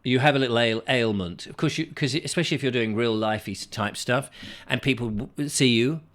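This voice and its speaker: A man's voice: medium pitch, a little fast, fairly bright tone. A middle-aged man hosting a casual chat show, rambling and reading viewer comments aloud. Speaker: host.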